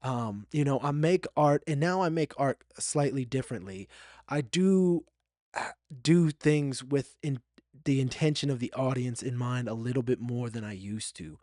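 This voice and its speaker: A man with a mid-range, dark-toned voice hosts a solo podcast at a moderate pace, recorded dry with studio quality. He speaks candidly and reflectively, at times growing emotional and repeating himself.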